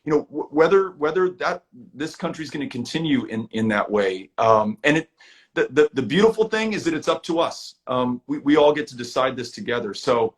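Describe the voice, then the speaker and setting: A man's voice: a little high, lively intonation, moderate pace. A man talking as a guest in a casual live video chat, earnest and reflective, often repeating words as he restarts.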